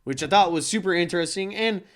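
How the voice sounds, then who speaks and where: Guy co-hosting a movie podcast, slightly higher voice, chatty and animated. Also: fast talker. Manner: animated, retells scenes with quoted voices. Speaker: podcast co-host. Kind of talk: casual movie review chat.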